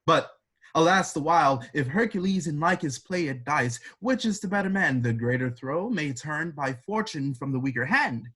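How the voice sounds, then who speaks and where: A man reading the part of a proud, boastful prince in an amateur play reading, declaiming verse in a measured way. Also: on the high side, animated, fairly bright tone, slightly rough. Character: proud boastful foreign prince, male adult.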